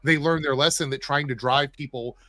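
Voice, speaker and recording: Fast-talking man hosting a chat stream. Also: mid-range voice, steady tone, sharp tone, no room sound. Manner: opinionated, talks fast, reads viewer messages. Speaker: show host. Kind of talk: casual livestream chat.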